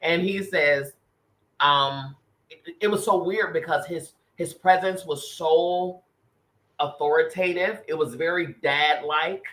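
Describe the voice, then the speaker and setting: A man's voice: on the high side, fairly even intonation, takes it slowly, a bit bright, poor audio. A man co-hosting a podcast, earnestly telling a personal spiritual story in casual chat, often restarting and repeating phrases. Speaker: podcast co-host.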